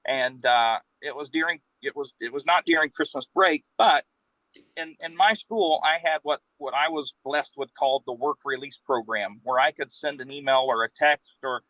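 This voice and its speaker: This man, a professional Santa visiting as a guest storyteller, speaks in a mid-range voice at a moderate pace over poor audio. His casual anecdote rambles along, full of animated, acted-out quotes.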